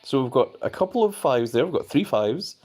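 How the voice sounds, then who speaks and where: A man's voice: medium pitch, big pitch swings, fairly quick, darkish tone, slightly rough. A man hosting a casual live stream, chatting loosely and reading viewer messages aloud.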